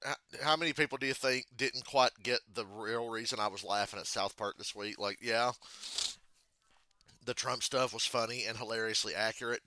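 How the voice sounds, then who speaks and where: Guy chatting on his stream, swearing a lot, laughing at his own stories, really bright sharp voice. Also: on the low side, no echo. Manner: profane, laughing storyteller. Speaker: channel host. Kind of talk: casual live reaction chat.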